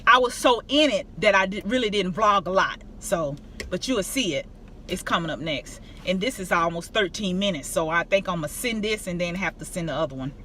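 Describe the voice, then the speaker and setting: A middle-aged woman tells a travel story to her viewers in a casual, emphatic, animated way. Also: on the low side, brisk, a little hiss or hum. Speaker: vlogger.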